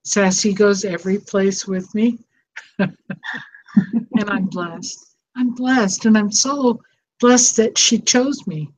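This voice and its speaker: A woman's voice: medium pitch, slow, pauses often, a little mellow. An older woman, a psychotherapist hosting a show, talking in an emotional, tender, rambling way. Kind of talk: casual heartfelt chat. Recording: dull lo-fi sound with faint noise.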